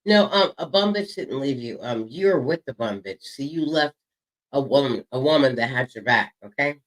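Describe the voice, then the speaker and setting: A man's voice: medium pitch, lively intonation, normal speed, fairly bright tone, rough recording. Profane taunting male drama host. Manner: profane taunting, stretching words for emphasis. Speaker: show host. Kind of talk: heated drama commentary.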